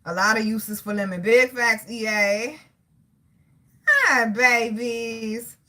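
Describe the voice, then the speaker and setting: Woman tarot reader running a live stream, chatty and profane, bright cutting tone. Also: mid-range voice, moderate pace. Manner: slangy, swears freely, greets chat by name; talks to God out loud between points. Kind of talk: casual live tarot reading.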